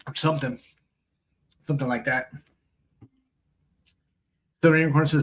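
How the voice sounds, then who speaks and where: Man, live-stream host, casual rambling chat, gravelly voice, laughs a lot. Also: mid-range voice, fairly even intonation, normal speed, pauses often, a bit bright. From United States. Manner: rambling, jokey, laughs often, reads chat aloud.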